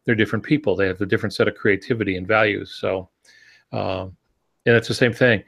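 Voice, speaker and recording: A man with a fairly low voice chats on a podcast about the craft of writing. He explains his ideas in a relaxed, reflective way. He often pauses on ums and restarts his sentences as he thinks aloud. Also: creaky. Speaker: podcast co-host.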